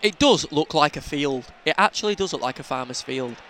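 A man hosting a casual football podcast, bantering and shouting when play heats up. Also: fairly high pitch, brisk, slight background noise. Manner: excitable, shouts during attacks, banter. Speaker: podcast host. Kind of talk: casual football fan commentary.

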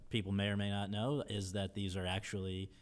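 A man hosting an interview, asking measured questions and giving brief affirmations. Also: fairly low pitch, flat delivery. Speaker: interview host. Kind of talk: casual interview.

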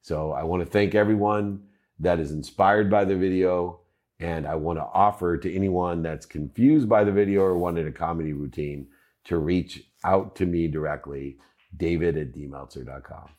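A man hosting his own channel, giving measured, earnest commentary on his past videos in a list-like rhythm. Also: deep voice, darkish tone. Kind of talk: reflective commentary to camera.

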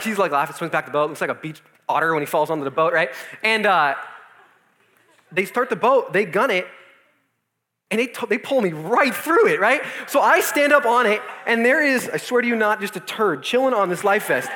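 A young man in his twenties giving a casual youth sermon, telling a comic story with lots of fillers and animated asides. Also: high-pitched, quick pace, a little hiss or hum. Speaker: youth speaker.

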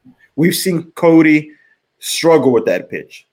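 A middle-aged man, a former pitcher, chatting casually on a podcast, rambling with many restarts and fillers. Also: very animated, measured pace, darkish tone. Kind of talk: casual sports chat.

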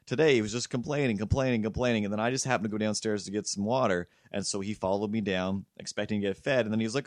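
A man's voice: lowish voice, very fast, hardly any pauses, dry recording, studio quality. A man hosting a podcast, telling a rambling, profane story in casual chat. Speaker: podcast host.

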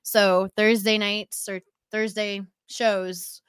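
A woman co-hosting a casual podcast, chatty and upbeat, quick to laugh. Her voice sits at a middle pitch. The sound is dry and close. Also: little pitch movement, a bit bright, clean tone, no room sound. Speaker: podcast co-host.

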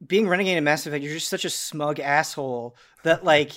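A man's voice: on the high side, fairly quick, fairly bright tone. A man hosting a casual podcast chat, musing at length with many fillers. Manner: thoughtful, filler-heavy musing. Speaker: podcast host.

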